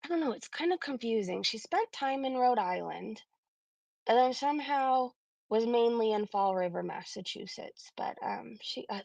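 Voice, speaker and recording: A woman's voice: a little high, lively intonation, moderate pace, creaky, darkish tone, no echo. A woman hosting a casual livestream, rambling with lots of fillers and frequent laughs. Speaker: livestream host.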